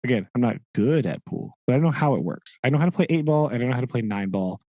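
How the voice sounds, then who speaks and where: A man's voice: medium pitch, lively intonation, fast, dark tone, dry recording. A man co-hosting a casual book discussion, rambling along with lots of "like" and "right?" and laughing at his own asides. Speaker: podcast co-host.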